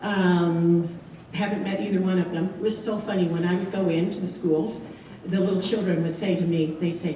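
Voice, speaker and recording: Chatty woman presenting slides, warm mellow voice, recorded from afar in a big echoey room. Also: lowish voice, fairly even intonation, moderate pace, a little hiss or hum. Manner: chatty, many ums, light laughs. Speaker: returned missionary giving a slideshow talk. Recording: echoey room, distant mic.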